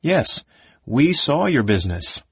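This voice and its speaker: A man voicing a fiery, sharp-tongued young woman in a raised, clipped voice. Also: fairly low pitch, animated, normal speed, husky, dry recording. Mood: bitter. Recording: dull lo-fi audiobook recording.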